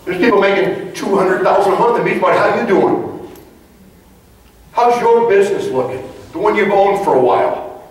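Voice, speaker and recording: A man's voice: high voice, normal speed. A man giving a motivational leadership talk to a live audience, telling stories and firing off rhetorical questions. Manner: animated storyteller, punchy rhetorical questions. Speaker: leadership trainer. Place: large conference hall. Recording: echoey hall, mic far off.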